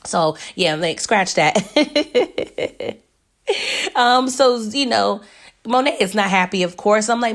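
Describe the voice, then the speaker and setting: A woman chats through a TV episode recap. Her voice sits at a middle pitch, and her delivery is animated and full of asides to viewers. She laughs easily as she goes. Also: slow. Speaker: TV recap vlogger. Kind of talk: casual chat recap.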